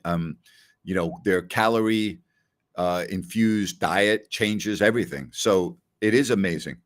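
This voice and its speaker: A middle-aged man hosting a casual live question-and-answer show, talking loosely with many "you know" and "I mean" asides. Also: fairly low pitch. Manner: conversational storyteller, frequent "you know" and "I mean". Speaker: podcast host.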